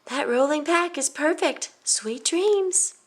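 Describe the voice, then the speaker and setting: A woman voicing a gentle, fond mother in a storybook. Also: high-pitched, lively intonation, takes it slowly, voice pushed up. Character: kindly mother of a young girl.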